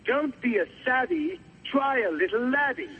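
A man voicing a fussy, theatrical, old-fashioned gentleman caller with affected phrasing on a comedy podcast. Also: high voice, lively intonation, normal speed. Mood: pompous. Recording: muffled phone line with faint hiss.

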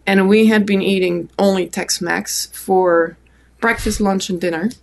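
A French woman with a French accent appears as a podcast guest, relaxedly telling a long personal story full of fillers. Her mid-range voice is unhurried and has vocal fry.

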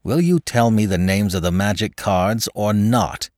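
A man voicing a cold, desperate young officer in a spoken story, low and calm. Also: a little slow, no echo, clean studio sound.

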